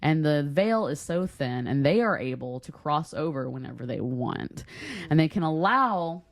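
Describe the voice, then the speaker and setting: Low-voiced woman podcaster, swearing freely. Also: lively intonation, moderate pace, gravelly, no echo. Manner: profane, laughs often, breaks into shrieking laughter. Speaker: podcast co-host. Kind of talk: casual chat.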